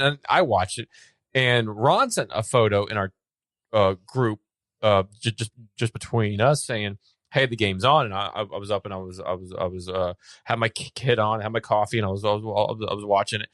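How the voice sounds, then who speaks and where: An American man co-hosting a sports podcast, telling stories excitably and stumbling over repeated words. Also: on the low side, fairly quick, no room sound, clean studio sound. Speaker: podcast co-host. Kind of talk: casual sports chat.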